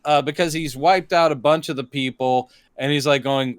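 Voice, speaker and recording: A man's voice: on the high side, fairly even intonation, moderate pace, clear, resonant tone, no room sound, studio quality. A man co-hosting a podcast who riffs wryly and sarcastically about a movie. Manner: wry, sarcastic riffing. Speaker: podcast co-host. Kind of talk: casual film-review chat.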